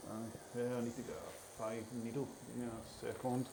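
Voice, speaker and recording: A man's voice: medium pitch, gravelly, background noise. Scottish man, chatty tattoo artist. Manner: relaxed, chatty, quick to react. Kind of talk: casual chat. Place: tattoo studio.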